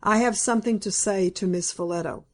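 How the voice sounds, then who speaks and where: Lady reader doing an impatient country gent, blunt and emphatic, mid-pitched. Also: normal speed, a little mellow, lightly acted. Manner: brusque, emphatic. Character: stern male country gentleman, impatient.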